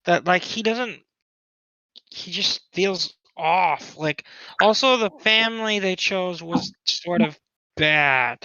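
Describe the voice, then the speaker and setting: A man talks slowly and at length in a casual podcast chat, rambling and restarting as he goes. His voice is bright and smooth, and the recording sounds dry and a bit dull. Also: high-pitched, animated, no room sound. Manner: rambling, restarts, offhand opinions. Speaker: podcast co-host.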